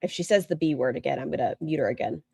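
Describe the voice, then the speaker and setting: A woman's voice: low-pitched, animated, quick pace, gravelly, mellow, slight background noise. A woman streamer giving casual, rambling reaction commentary and talking straight to her chat. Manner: chatty, rambling, talks to chat directly.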